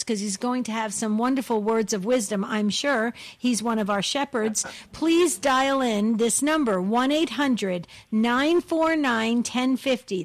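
A woman co-hosting a radio fundraising appeal, bright and encouraging as she asks listeners to pledge. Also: fairly high pitch. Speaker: radio co-host.

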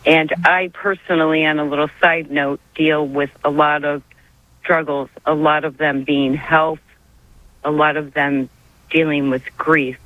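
A woman's voice: low voice, level tone, unhurried, no echo. A woman calling in to a radio show, speaking in a heartfelt, tearful, rambling way. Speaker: caller. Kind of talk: call-in radio conversation. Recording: muffled dry phone line.

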